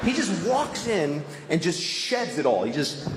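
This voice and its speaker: Profane ranting comedian. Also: male voice, on the high side, sing-song, a little slow, very noisy. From Boston. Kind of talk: stand-up comedy. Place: comedy club stage. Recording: roomy club with audience laughter.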